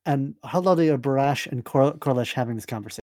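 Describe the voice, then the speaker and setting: A man's voice: mid-range voice, fast talker, mellow, no echo, studio quality. A man narrating a tabletop game as game master, often hesitating and searching for words.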